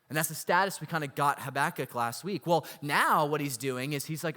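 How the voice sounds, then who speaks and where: Bright, forceful pastor preaching in a hall. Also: male voice, on the high side, a little fast, few pauses. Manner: animated storytelling, rhetorical questions. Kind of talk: sermon. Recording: long hall reverb.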